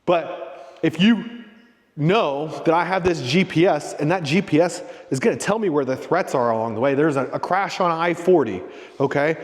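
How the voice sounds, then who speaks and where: A middle-aged man giving a casual motivational talk, his voice a touch higher than most men's. He rambles and restarts, checking in with listeners as he goes. The sound carries a long reverb, as if recorded in a big hall. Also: moderate pace. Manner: rambling, coaching tone with frequent "right?" and "okay?". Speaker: host of a leadership discussion group.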